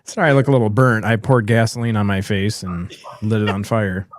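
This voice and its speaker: A man's voice: on the low side, fairly even intonation, a little fast, no echo, studio quality. A man hosting a casual podcast, joking around and reading chat comments aloud. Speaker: host.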